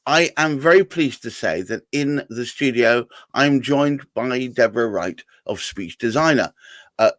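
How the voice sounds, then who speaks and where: A man's voice: medium pitch, expressive, unhurried, fairly bright tone, no echo. Man, interview host, careful explainer, dry close sound. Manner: explanatory, careful, leading questions. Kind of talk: live-stream interview.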